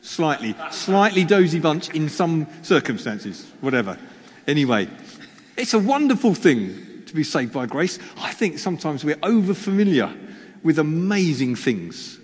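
A man's voice: a little high, very animated, unhurried, slightly rough. A male preacher giving a chatty sermon, teasing the congregation and poking fun at himself. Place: church hall. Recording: long reverb of a church hall.

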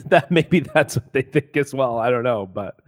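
A man in casual conversation who talks in a relaxed way and explains his views at length. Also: medium pitch, moderate pace. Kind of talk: casual chat.

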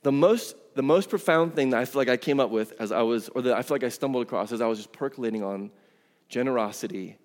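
A man's voice: mid-range voice, quick pace, in a large hall. A man preaching a sermon as pastor, conversational and emphatic, with casual asides. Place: church sanctuary.

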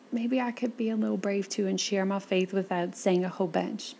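Woman, interview guest, lively storyteller, quotes people in their voices, gravelly voice. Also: medium pitch, normal speed, few pauses. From south Louisiana.

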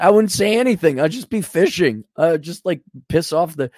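A man's voice: a little high, animated, normal speed, darkish tone, no echo, clean studio sound. A man hosting a livestream, ranting sarcastically and bluntly while reading out donations. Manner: sarcastic, blunt, acts out imagined dialogue. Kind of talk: casual ranting monologue.

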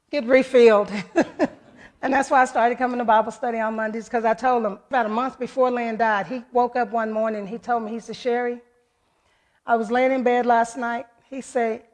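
A woman giving an earnest, heartfelt personal testimony to her church, retelling events through many quoted voices. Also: fairly high pitch. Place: church service.

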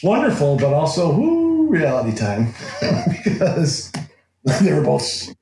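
A man's voice: on the high side, measured pace, gravelly, slight background noise. A man telling a story as an interview guest, with lots of laughs, restarts and acted-out quotes. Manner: animated, laughs often, acts out quotes with restarts. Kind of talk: casual anecdotal storytelling. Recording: roomy echo.

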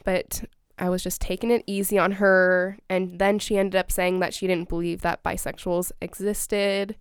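Young woman, casual storyteller, many "like"s, smooth clear voice, dry sound. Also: on the low side, flat delivery, normal speed, no echo. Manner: chatty, storytelling with lots of "like". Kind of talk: casual chat.

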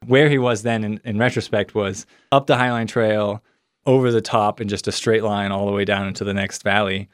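A man's voice: on the low side, fairly even intonation, a little fast, clear, resonant tone, no room sound, studio quality. A young man telling a personal story in a casual, rambling way, full of "like" fillers and acted-out quotes. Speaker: son of a missing hunter, guest.

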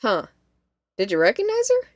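A woman doing a brisk college girl. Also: a little high, wildly swooping pitch, dry recording, voice pushed up. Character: young female college student, busy and down-to-earth.

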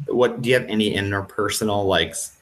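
A man running a tabletop game as game master, narrating with many pauses, ums and restarts. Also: on the low side. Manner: hesitant, full of ums and restarts.

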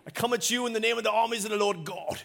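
A man's voice: high-pitched, racing, creaky, a bit bright. A man voicing a young male warrior taunting a giant, in a hammy mock Scottish accent, bold and theatrical. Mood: defiant taunting. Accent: exaggerated mock Scottish. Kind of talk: comic impression within a sermon.

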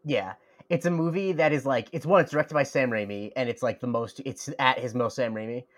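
A man's voice: medium pitch, a little fast. A man co-hosting a podcast in casual chat, talking freely and laughing often. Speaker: podcast co-host.

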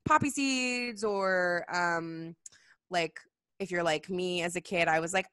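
Chatty, bright-voiced young woman. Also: fairly low pitch, takes it slowly, clean tone, dry recording, studio quality. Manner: animated storytelling, acts out voices, frequent "like" and laughs. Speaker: guest explaining Jewish holidays. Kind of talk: casual chat.

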